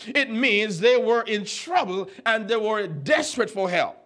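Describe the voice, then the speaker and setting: A young preacher in his twenties with a high-pitched voice gives an animated Bible lesson. He teases his listeners and throws questions out to them as he teaches. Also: normal speed, hardly any pauses. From U.S. Virgin Islands. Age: 20s. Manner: animated, teasing, asks the congregation questions.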